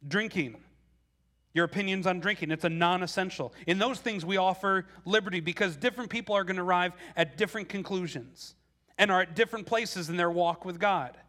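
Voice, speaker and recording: A pastor in his forties delivers a sermon in a relaxed, conversational way. His voice sits fairly high for a man, and he often restarts his phrases and fills them with "like". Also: a little fast. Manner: conversational, with frequent "like" and repeated words.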